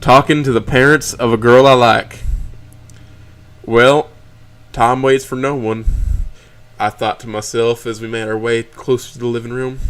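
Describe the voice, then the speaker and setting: A man's voice: medium pitch, a bit bright. A man reading a story aloud on a stream, stumbling and correcting himself as he reads.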